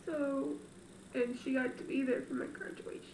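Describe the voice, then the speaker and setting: A young woman with a stuffy nose, talking tearfully and haltingly in a personal confessional vlog. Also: sits high, flat delivery, a little mellow, echoey room, recorded from a distance, slight background noise, poor audio. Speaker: vlogger.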